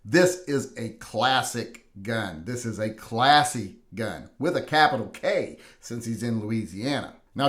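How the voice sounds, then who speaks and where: Lively sarcastic male gun reviewer. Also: medium pitch. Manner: dry, teasing sarcasm. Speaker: gun channel host reviewing viewer carry guns. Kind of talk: humorous voice-over commentary.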